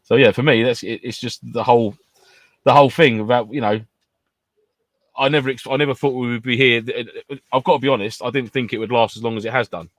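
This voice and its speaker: A man's voice: medium pitch, fairly even intonation, fast, no room sound. A man co-hosting a casual podcast chat, bantering and laughing often. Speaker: podcast co-host.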